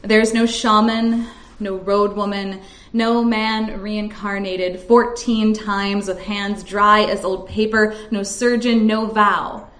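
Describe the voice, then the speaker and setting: A woman poet at a live reading, chatting briefly with the audience and then reciting her poem in a measured way. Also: medium pitch, level tone, a bit bright. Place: stage at a live reading event. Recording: echoey room.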